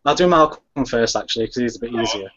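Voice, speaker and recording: A playful man chatting casually with friends, his pitch bouncing up and down as he jokes. The recording is dull and lo-fi. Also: animated, quick pace, a bit bright, breathy edge. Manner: playful, doing impressions. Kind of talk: casual chat.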